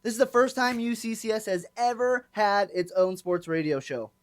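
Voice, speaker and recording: A woman's voice: mid-range voice, normal speed. A young woman hosting a live college sports radio show, playful and hyped, teasing her co-host. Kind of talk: live campus radio banter. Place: campus radio studio.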